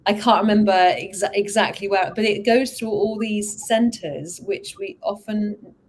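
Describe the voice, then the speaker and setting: An enthusiastic woman coach talks through her ideas in a relaxed, conversational way, slipping into bright, lively voices when she quotes others. Her voice sits in a middling pitch, and a faint hiss of noise runs underneath. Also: measured pace. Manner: enthusiastic, expressive, animated quoting. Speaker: hypnotherapist and vocal coach. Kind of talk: casual conversational explanation.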